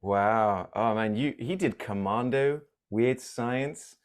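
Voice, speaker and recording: Male podcast co-host, mid-pitch, rambling casual movie talk, self-correcting. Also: takes it slowly.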